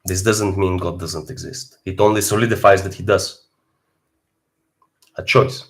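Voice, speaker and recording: A young man from Bulgaria with a Bulgarian accent, a fitness streamer talking casually on a live stream and swinging from low mutters to loud outbursts. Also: fairly even intonation, measured pace.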